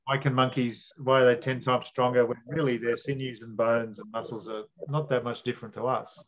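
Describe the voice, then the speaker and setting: A man's voice: mid-range voice, flat delivery, brisk. A man hosting an interview, musing and thinking aloud in casual conversation. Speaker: interviewer and host. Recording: dull lo-fi audio.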